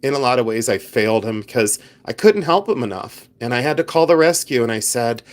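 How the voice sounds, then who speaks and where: An expressive, brisk speaker with a mid-range voice, he hosts a relaxed live stream where he resells items. He speaks directly to viewers in a chatty, wandering style, peppered with fillers and restarts.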